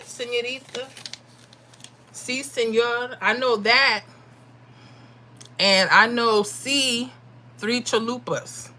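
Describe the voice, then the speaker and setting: Bright-voiced chatty woman livestream host. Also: mid-range voice. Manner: chatty, laughs often, Southern-style speech. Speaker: livestream host reading chat. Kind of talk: casual live chat with viewers.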